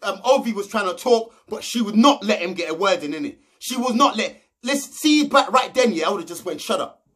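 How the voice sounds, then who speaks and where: Young man, high voice; casual brash recap vlogger, slangy and sweary. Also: lively intonation, a little fast, few pauses, a bit bright. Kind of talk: casual episode recap commentary.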